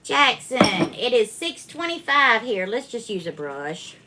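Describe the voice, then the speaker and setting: A woman's voice: a little high, sing-song, measured pace, very noisy. A woman hosts a live cooking stream from her home kitchen, chatting and greeting viewers by name. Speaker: cooking livestream host. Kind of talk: casual live cooking chat.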